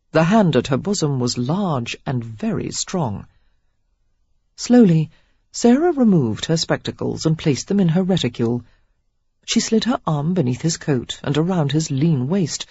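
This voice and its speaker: A woman narrating a romance audiobook in an expressive, steady storytelling manner. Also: deep voice, breathy edge, dry recording, lo-fi sound. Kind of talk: scripted narration.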